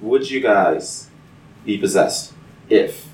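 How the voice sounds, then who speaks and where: A man's voice: lowish voice, animated, slow, darkish tone. A young man in a casual chat who keeps asking questions, tells a dorm story and laughs often. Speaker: podcast co-host. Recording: echoey room, distant mic, faint hiss.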